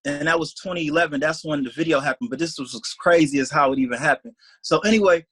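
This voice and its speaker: Fast, bright-voiced young man telling a story. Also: on the high side, breathy edge, no echo, poor audio. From Detroit, USA. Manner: rambling, animated, heavy use of "like", acts out quoted speech. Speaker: interview guest, salesman. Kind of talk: casual storytelling in an interview.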